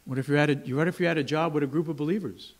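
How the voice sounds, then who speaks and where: A pastor preaches rapid-fire in a church sanctuary, his fairly high voice holding a steady tone. The sermon is conversational, with frequent "right?" prompts to the congregation and grumbling workers acted out in a raised voice.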